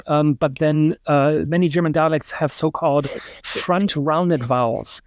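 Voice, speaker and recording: A middle-aged man, a linguistics professor and podcast guest, explaining at length with many uh and um pauses and sounding out example words. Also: a little high, no room sound. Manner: lecturing, demonstrates pronunciations aloud, frequent uh and um.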